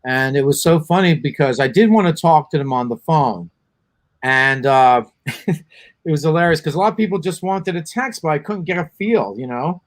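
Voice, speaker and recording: A man from the Bronx, chatting in an interview as a guest actor, pausing often on ums and uhs. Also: fairly high pitch, animated, no room sound. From the Bronx, New York. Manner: halting, many ums and uhs. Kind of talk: casual interview chat.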